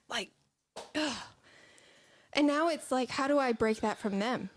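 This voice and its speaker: A woman in her thirties co-hosting a morning talk show, chatting casually and often giving quick affirming murmurs. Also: sits high. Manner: conversational, frequent affirming murmurs. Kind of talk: casual chat.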